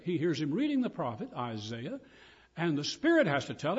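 A man's voice: on the high side, wildly swooping pitch, normal speed, breathy edge, muffled recording. An older man preaching a sermon, earnest and emphatic as he quotes and explains scripture.

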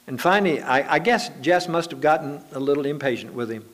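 A man's voice: mid-range voice, normal speed. A man preaching a sermon to his congregation, telling homely anecdotes in a conversational, folksy way.

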